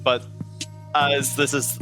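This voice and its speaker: A man's voice: mid-range voice, flat delivery, slow, sharp tone, soft background music. A man playing a tabletop game, describing his character's actions in a casual, laid-back way. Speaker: player.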